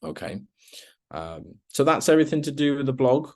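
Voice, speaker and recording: A man leading a relaxed screen-share demo of a software tool in an online meeting, with lots of ums as he walks through each step. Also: mid-range voice, moderate pace. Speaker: product trainer.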